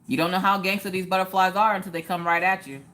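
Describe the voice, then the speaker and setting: A woman's voice: lowish voice, steady tone, fast, a bit bright. A woman hosting a casual craft live stream, joking around and answering viewers in the chat by name.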